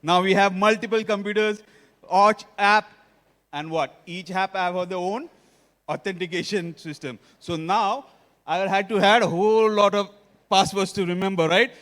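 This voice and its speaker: High-voiced Indian man in echoing hall. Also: moderate pace, a bit bright. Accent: Indian English. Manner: engaging, quizzes the audience often. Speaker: conference speaker. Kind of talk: technical conference talk. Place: conference hall stage. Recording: long reverb of a conference hall.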